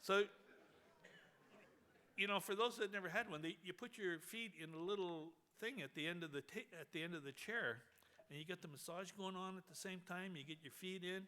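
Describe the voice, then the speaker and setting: Speaking at a memorial, a man whose voice is a little high recounts a humorous story with animated energy, chuckling throughout.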